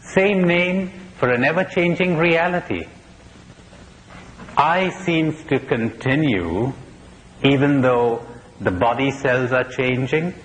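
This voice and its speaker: A man's voice: medium pitch, takes it slowly, a bit bright. A priest giving a spiritual conference talk, asking probing questions and telling jokes he laughs at himself, on an old tape recording. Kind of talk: spiritual lecture to an audience. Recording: old conference tape in a reverberant hall with faint hiss.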